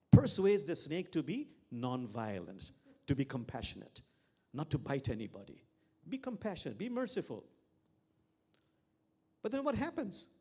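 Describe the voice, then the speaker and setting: A man's voice: mid-range voice, darkish tone, slightly rough. A man, an imam, giving a reflective sermon with stories and repeated key phrases. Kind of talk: sermon with storytelling.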